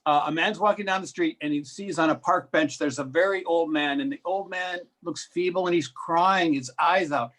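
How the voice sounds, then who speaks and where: A man's voice: on the high side, normal speed, few pauses, fairly bright tone. A man doing a stand-up comedy set on a live stream, with wry, self-deprecating delivery.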